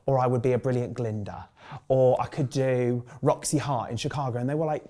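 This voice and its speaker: A man's voice: medium pitch, fairly quick. Man, 30s, Birmingham accent, chatty storyteller, acts out quotes, lots of "like". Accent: Birmingham English. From England. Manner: animated, acts out quoted voices, many "like" fillers. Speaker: guest, drag performer. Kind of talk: casual storytelling interview.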